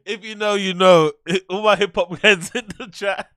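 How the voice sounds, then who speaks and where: A man's voice: high-pitched, fairly even intonation, a little slow, fairly bright tone, smooth, no echo, clean studio sound. A man hosting a casual reaction show who laughs hard and swears freely. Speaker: host.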